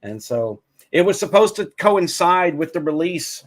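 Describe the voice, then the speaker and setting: A man, an indie author, talking in casual chat on a podcast, halting and full of fillers. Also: a little high, big pitch swings. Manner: halting, lots of fillers and restarts.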